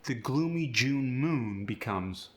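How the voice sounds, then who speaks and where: This man coaches an accent, detailing every sound change in order and then reading an example sentence. His mid-range voice has lively intonation, and he takes things slowly.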